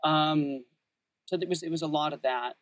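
A man's voice: fairly high pitch, moderate pace, a bit bright, dry recording. A man in his thirties who works as a voice actor, chatting thoughtfully in an interview with many fillers and restarts. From Texas, USA. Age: 30s. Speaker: voice actor and audiobook narrator. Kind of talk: casual interview chat.

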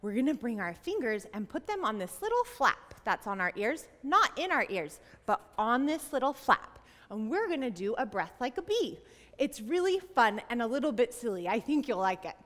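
A woman's voice: fairly high pitch, very animated, moderate pace, a bit bright. A young woman leading a yoga class for children, playful, sing-song and encouraging, with animal sounds. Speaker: kids yoga teacher. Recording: long reverb in a large room.

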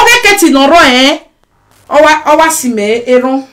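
A Nigerian woman ranting on a live stream. She swings between shouting and muttering, mixing Pidgin and English. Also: high voice, expressive, normal speed, a little hiss or hum. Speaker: social media personality. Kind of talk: emotional live-stream rant.

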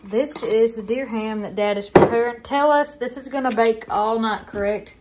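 A woman's voice: on the high side, moderate pace, heavy background noise. A young woman with a Southern Appalachian accent, chatting casually in a family vlog at home. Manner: chatty, rambling, says "like" often. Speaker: vlogger. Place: family house, kitchen.

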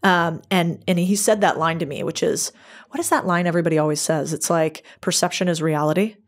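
A woman speaking as a podcast guest in a casual interview, telling stories in a lively, brisk and candid way. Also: lowish voice.

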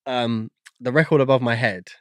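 A man chats as a podcast guest, rambling and circling around his point with plenty of fillers. His voice sits at a middle pitch. The recording is dry and close, with no room sound. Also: steady tone, normal speed, no room sound. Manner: rambling, searching for words with many fillers. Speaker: guest audio engineer. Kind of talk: casual podcast chat.

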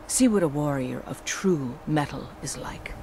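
A woman's voice: low voice, expressive, a little slow, warm tone, a little hiss or hum, rough recording. An actress playing a proud, scornful female warrior in a video game. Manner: haughty, scornful.

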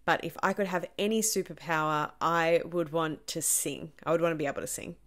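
A woman's voice: sits low, a little fast, a bit bright. A woman actor, answering questions in a chatty, self-deprecating way with lots of ums. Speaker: stage actor. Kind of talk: casual Q&A answers to camera.

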